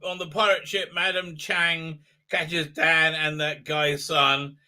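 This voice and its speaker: A man with a fairly high, bright voice speaks slowly in a level but pushed tone while recapping an episode as a show host. His review is an exasperated, incredulous rant, heavy on fillers and mocking quotes.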